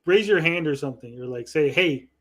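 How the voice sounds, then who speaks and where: A man's voice: fairly high pitch, lively intonation, brisk, a bit bright. Teasing man hosting a livestream. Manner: teasing, playful. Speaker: show host. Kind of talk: casual livestream chat, reading chat messages.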